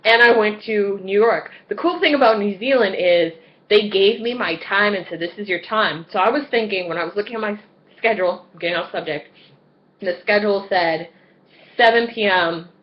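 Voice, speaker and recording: A woman in her late twenties telling a story to her camera in a slightly dull, lo-fi recording. She talks loosely and profanely, with a pitch that sits mid-range. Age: 20s. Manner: animated, profane, acts out voices and screams. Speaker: vlogger. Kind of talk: casual storytelling vlog.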